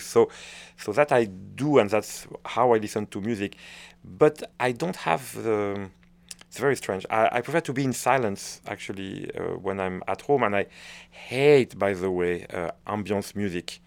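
A man's voice: fairly low pitch, creaky, darkish tone. A middle-aged French man with a French accent, a conductor answering interview questions, hesitant and searching for words with frequent restarts. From France.

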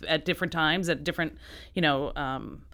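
A woman artist answering interview questions, halting with many restarts and often laughing. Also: low-pitched, a bit bright. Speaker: artist, guest. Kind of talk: interview conversation.

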